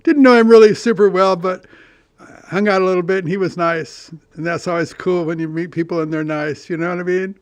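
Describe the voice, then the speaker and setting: A man's voice: high-pitched, steady tone, a little fast, clear, resonant tone, no echo. A man in his eighties from California hosting a podcast, telling meandering, self-deprecating stories with frequent restarts and the odd curse. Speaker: podcast host. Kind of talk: rambling monologue.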